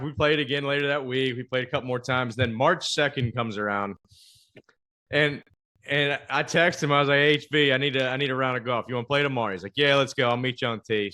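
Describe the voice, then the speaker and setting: A man hosting a podcast, telling a golf story in casual chat and acting out the quoted trash talk with big jumps in pitch. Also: sharp tone. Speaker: podcast host.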